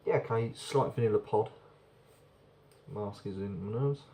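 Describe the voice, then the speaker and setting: Chatty man reviewing beer, low mellow voice. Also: a little slow. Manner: chatty, rambling, repeats words. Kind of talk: casual video review.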